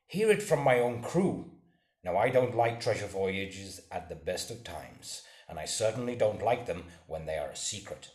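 A man's voice: sits low, expressive, moderate pace, a little mellow. A man voicing a stern, grumbling middle-aged sea captain who speaks bluntly and disapprovingly. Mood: gruff complaint. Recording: roomy echo.

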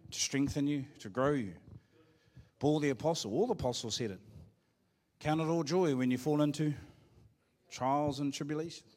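A middle-aged man with a New Zealand accent preaching a sermon in a church, joking and calling out to the congregation. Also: medium pitch. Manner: joking, playful preaching with call-and-response. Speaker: pastor.

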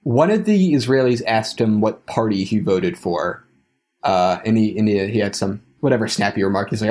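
A young man co-hosting a casual podcast, recounting a trip in a halting, wry way with frequent small laughs. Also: on the low side, darkish tone. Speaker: podcast co-host, trip returnee.

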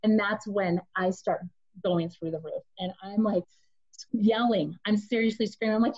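A woman's voice: medium pitch, steady tone, normal speed, darkish tone, lo-fi sound. A woman sharing a personal testimony in a casual, confessional storytelling way, speaking directly to her listeners.

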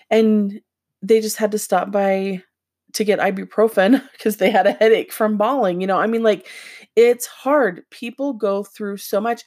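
A woman casually telling a personal story, rambling and halting with lots of filler words, earnest and emotional, her voice dropping quiet at the hard parts. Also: mid-range voice. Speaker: vlogger sharing personal experience.

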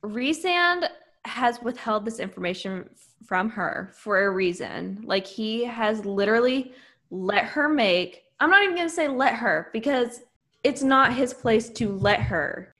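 Animated woman ranting about a book. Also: a little high, measured pace. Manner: emphatic, animated opinions with swearing. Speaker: podcast co-host. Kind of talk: casual book chat.

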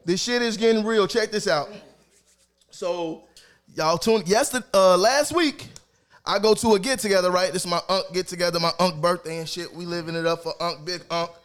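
A man with a strikingly high voice for a man tells a rowdy comic story in loose, casual chat. He is animated and profane, and he jumps into the voices of the people he quotes. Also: normal speed. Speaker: storyteller on a live stream.

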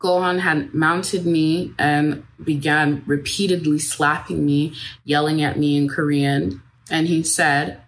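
A woman reading a first-person account aloud at a measured, steady pace. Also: low-pitched, slight background noise. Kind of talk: read first-person statement.

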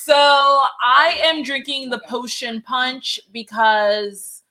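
A woman's voice: sits high, slow pace, bright, forceful tone, rough recording. A young woman co-hosting a podcast, joking and swearing in casual chat. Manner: jokey, laughing, swearing. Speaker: podcast co-host.

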